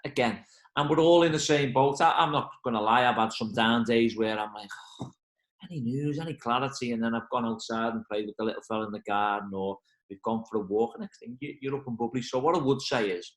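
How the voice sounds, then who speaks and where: A football manager talks fast in a casual interview, bringing his stories to life by acting out the people in them. His voice rings around an echoey room. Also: medium pitch. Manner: animated storyteller, acts out quoted voices.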